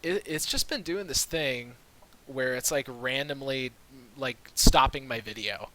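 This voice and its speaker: Laid-back male game master, slow and bright, narrating on a USB call mic. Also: medium pitch, poor audio. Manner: relaxed, filler-heavy storytelling. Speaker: dungeon master. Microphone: USB mic on a video call.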